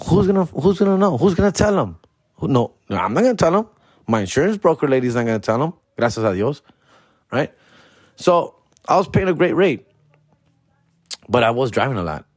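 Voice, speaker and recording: A man's voice: mid-range voice, dry recording, studio quality. A man hosting a comedy podcast, telling a story in profane slang mixed with Spanish words.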